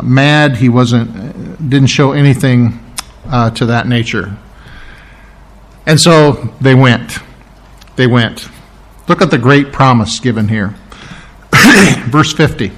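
A man preaching a verse-by-verse Bible teaching sermon, thoughtful, often stopping to correct himself and clearing his throat. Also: medium pitch, fairly bright tone. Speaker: pastor.

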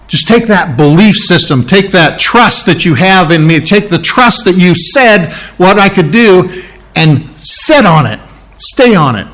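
A man with a fairly high voice teaching from scripture in a sermon. He speaks thoughtfully, often restarting and correcting himself mid-sentence, and clears his throat now and then. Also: a bit bright. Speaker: pastor. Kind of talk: verse-by-verse Bible teaching sermon.

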